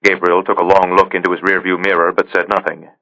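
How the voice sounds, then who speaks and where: Deep guy narrating a thriller audiobook, bright tone, steady reading. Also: quick pace, poor audio. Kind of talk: scripted narration.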